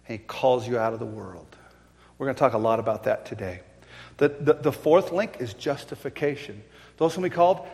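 A man's voice: fairly high pitch, long reverb tail. A man preaching a sermon, telling stories with animation and repeating points for emphasis. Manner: animated storytelling, emphatic repetition. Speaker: pastor.

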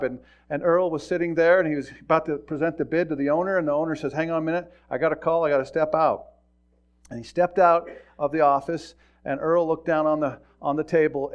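A middle-aged pastor with a slightly high voice gives a folksy sermon packed with stories, heard through a muffled recording. He often repeats words and chuckles as he tells his tales.

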